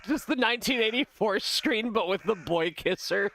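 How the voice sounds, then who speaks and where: A man's voice: sits high, expressive, measured pace, vocal fry, pauses often, fairly bright tone. A man casually commenting while playing a video game, joking, swearing and laughing often. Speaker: gaming streamer. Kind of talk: casual let's-play commentary.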